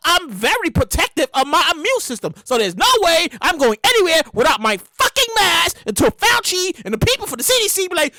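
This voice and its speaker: A woman hosting a podcast in a casual comedic monologue, animated and emphatic, full of slang and swearing. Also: high-pitched, normal speed, few pauses, no echo. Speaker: podcast host.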